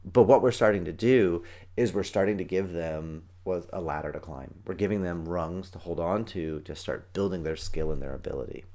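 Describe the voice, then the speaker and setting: A deep-voiced man hosts an energetic solo podcast, talking fast and excitedly as he acts out little scenes with the voices of kids and parents; he is a parenting coach and martial arts teacher.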